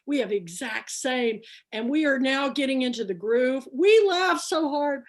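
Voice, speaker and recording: A woman from Kansas with a high, expressive voice hosts a book club over video call, speaking in an unhurried way. She's chatty and emotional, retelling conversations in casual video-call chat.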